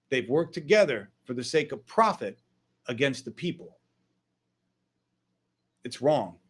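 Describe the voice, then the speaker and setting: A man hosting his own online political show, ranting angrily with frequent profanity and emphatic outbursts. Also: on the high side. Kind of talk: political rant.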